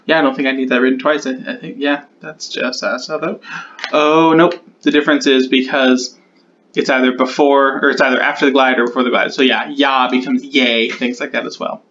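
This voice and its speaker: A man's voice: medium pitch, flat delivery, fairly quick, fairly bright tone, highs cut off, slight background noise. A man casually walking through the sound-change rules he made up, thinking aloud and correcting himself as he goes. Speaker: conlang creator explaining sound changes. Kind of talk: casual explanatory walkthrough.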